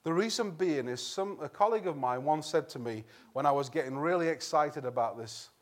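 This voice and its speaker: A man preaching an evening sermon in a church, earnest and conversational, clearing his throat and restarting phrases now and then. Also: a little high, animated, fairly quick.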